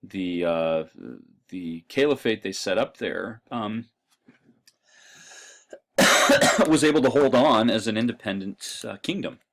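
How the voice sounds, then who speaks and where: A male history lecturer giving a halting classroom lecture with lots of ums and uhs and a dry throat. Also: fairly low pitch.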